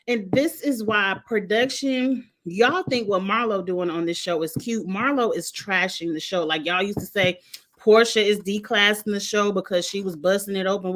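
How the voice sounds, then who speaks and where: Sassy woman ranting about a show. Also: on the high side. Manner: animated, sassy, exasperated commentary. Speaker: reality TV reviewer. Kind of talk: casual recap rant.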